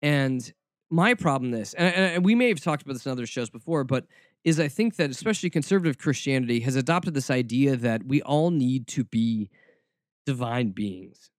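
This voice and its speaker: A man's voice: medium pitch, expressive, normal speed, dry recording. A man hosting a podcast, talking in a snarky, rambling monologue with frequent restarts, close to the mic. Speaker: podcast host. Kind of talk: casual monologue.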